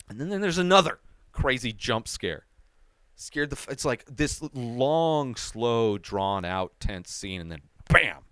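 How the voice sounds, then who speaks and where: A man hosting a movie review show, talking in an excitable, casual way, swearing freely and often asking "right?". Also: mid-range voice, a little slow, clean tone, dry recording, studio quality.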